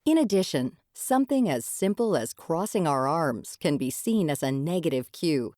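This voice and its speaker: A woman host giving scripted radio narration in a smooth, measured read. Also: low-pitched, expressive, darkish tone, dry recording, clean studio sound.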